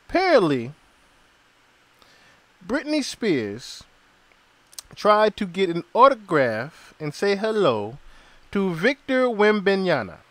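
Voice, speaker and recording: A male podcast host runs through celebrity gossip in a loose, swearing, storytelling way. His high voice leaps up and down as he talks. The sound is dry and close, with no echo. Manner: animated, profane, storytelling, acts out quotes. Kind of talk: casual podcast commentary.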